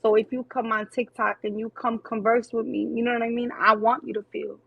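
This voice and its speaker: A woman from New City, guest on a livestreamed interview, talking in an animated, slangy way. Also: a little high, a little fast, vocal fry, slightly rough, no echo, phone-quality sound. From New York City. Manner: animated, slangy, repeats phrases. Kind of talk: casual interview chat. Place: home, livestream.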